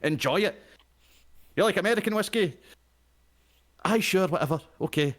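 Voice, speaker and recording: Animated, swearing Scottish man. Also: high voice, normal speed. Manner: profane, animated ranting with laughter. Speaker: player. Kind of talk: casual chat over a tabletop game.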